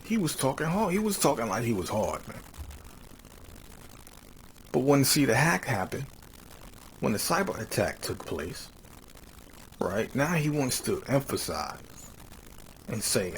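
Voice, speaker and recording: A man giving casual commentary, reading quotes slowly and then rising into heated, mocking rants that end phrases with "man". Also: mid-range voice, big pitch swings, slight background noise, rough recording. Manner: drawls "man" at phrase ends. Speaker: religious commentator.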